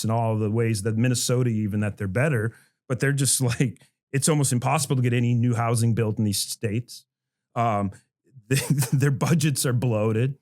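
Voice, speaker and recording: A man's voice: mid-range voice, a little mellow. Rambling middle-aged male professor. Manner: rambling, many restarts and asides, chuckles while talking. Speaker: history professor on a faculty podcast. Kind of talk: casual panel discussion.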